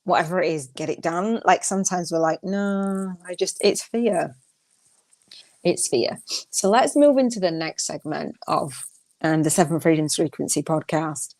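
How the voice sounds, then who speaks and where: A woman's voice: low voice, animated, normal speed, a little mellow. An older woman hosting a solo coaching podcast, chatty and emphatic, often repeating her phrases and laughing as she talks. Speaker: podcast host.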